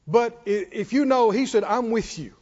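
Man, sermon, high-pitched voice, emphatic repetition, long church-hall reverb, dull lo-fi recording. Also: darkish tone. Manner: repeats phrases for emphasis, calls for congregation responses. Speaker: preacher.

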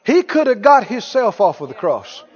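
A male pastor preaching a sermon, animated, putting questions to the congregation and drawing responses. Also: sits high, moderate pace, husky. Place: church sanctuary. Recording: muffled, reverberant church hall.

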